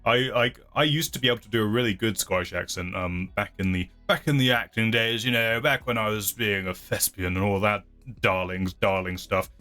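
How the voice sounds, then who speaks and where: A man with a fairly low voice hosts his channel and talks casually through viewer comments. He rambles and hedges and often laughs at himself. Faint music plays underneath. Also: a little fast, pushed and bright. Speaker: channel host.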